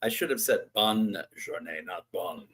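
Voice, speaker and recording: A man's voice: low-pitched, animated, a little slow, fairly bright tone, slightly rough. A man co-hosting a live tarot stream, chatting casually, joking and laughing easily.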